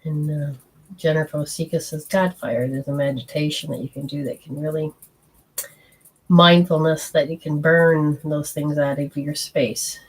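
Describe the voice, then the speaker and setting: A woman's voice: low voice, steady tone, normal speed, slightly rough, rough recording. A woman hosting a live energy-healing show, chatting and reading viewer comments aloud. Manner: chatty, meandering, gives hands-on instructions.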